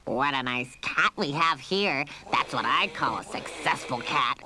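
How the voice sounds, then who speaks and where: A woman voicing a gloating male cat catcher in a game storybook, with a deep mocking voice. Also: expressive, unhurried, bright, forceful tone, slight background noise, exaggerated voice.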